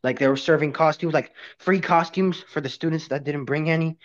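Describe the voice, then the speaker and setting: A man's voice: a little high, fairly even intonation, fairly quick. A young man guesting on a crude comedic roast, mocking cartoon characters. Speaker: guest co-host. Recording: dull lo-fi mic.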